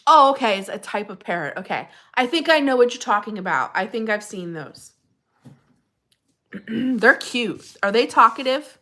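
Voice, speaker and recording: A woman hosts a relaxed live stream with a bright, clear voice. She chats with viewers by name and gushes openly. Her tone is friendly and unscripted. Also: on the high side, moderate pace. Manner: chatty and gushing, answers viewers by name, frequent laughs. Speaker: livestream host. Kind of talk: casual live-stream chat reading viewer comments.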